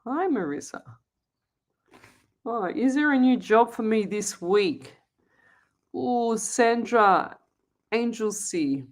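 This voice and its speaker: A woman's voice: on the high side, lively intonation, takes it slowly, pauses often. A middle-aged woman, a psychic medium hosting a live show and chatting through viewer comments in an upbeat way. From Australia. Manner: chatty, upbeat, thinks aloud. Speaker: psychic medium radio host.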